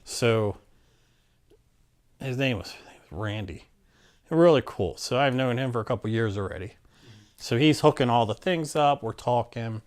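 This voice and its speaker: A man telling a personal story in a casual, animated way, with many fillers and restarts and acted-out quotes. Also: medium pitch, moderate pace. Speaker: interviewee telling his story.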